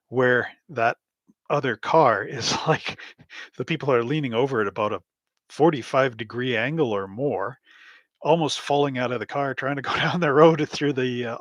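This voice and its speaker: A man's voice: mid-range voice, no echo. Male host, casual live stream chat, rambling, anecdotal, chuckles often, dry close sound. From Canada. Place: home hobby room.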